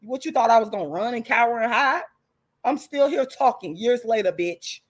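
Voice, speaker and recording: With a voice on the higher side and a moderate pace, the host of her own channel vents a profane tirade right at her audience. She sounds defiant and blunt, stressing words angrily and repeating her insults.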